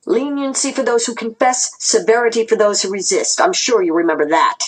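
A woman reading aloud and voicing a cruel male interrogator who taunts and snarls, her voice husky. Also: fairly high pitch, a little fast, low-quality recording. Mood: snarling.

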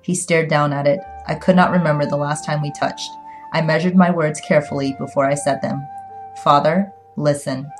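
A woman narrating a story in the first person, reading in a measured, earnest way. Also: sits low, fairly even intonation, darkish tone, faint music behind. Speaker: audiobook narrator.

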